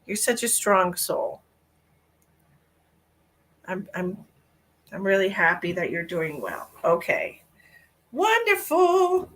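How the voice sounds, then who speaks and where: A woman's voice: fairly low pitch, slow pace, pauses often, a bit bright. A woman, a psychic medium, chatting casually on her live stream, greeting viewers by name and rambling through small talk.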